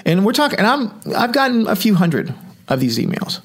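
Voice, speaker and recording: A man's voice: high voice, very animated, a little fast, husky. A man hosting a podcast, telling a story in casual chat and acting out the quoted emails and replies. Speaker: podcast host.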